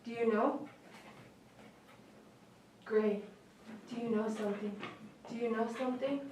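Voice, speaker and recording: A higher-voiced woman groomer talks slowly and gently to a dog. She sounds set back from the mic in a very echoey room. A faint hum of noise sits under her voice. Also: fairly even intonation. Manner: soft, emotional, coaxing talk to a dog. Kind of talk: live-streamed grooming session. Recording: roomy sound from a distance over faint noise.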